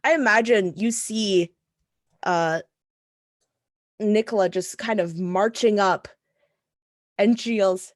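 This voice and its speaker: Woman player, slow and thinking aloud, dry mic. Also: medium pitch, no echo. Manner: unhurried, thinks aloud, asks to confirm rules. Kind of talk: tabletop game play, casual chat.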